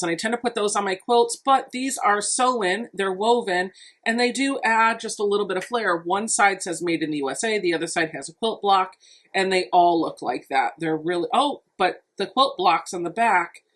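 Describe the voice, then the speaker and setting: A woman with a mid-pitched voice talks through an unboxing for her quilting channel. She is chatty and upbeat, thinking out loud as she shows each item. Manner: chatty and enthusiastic, thinking aloud. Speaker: quilting vlogger. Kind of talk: casual unboxing narration.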